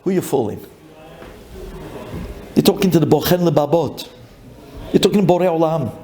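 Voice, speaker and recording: In a reverberant setting, a male rabbi with a slightly high voice preaches lively at a moderate pace. He mimics a grumbling congregant and works up to shouting.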